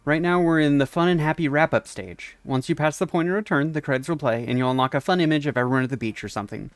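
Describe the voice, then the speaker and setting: A man's voice: a little high, fast, no echo, lightly acted. A man reading a laid-back police captain. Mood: wry.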